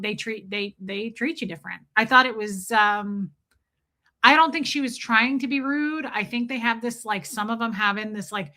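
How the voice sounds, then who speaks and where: A woman's voice: fairly high pitch, pushed and bright. A woman with a Northern US accent chatting casually as a podcast host, rambling and restarting her sentences. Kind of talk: casual chat.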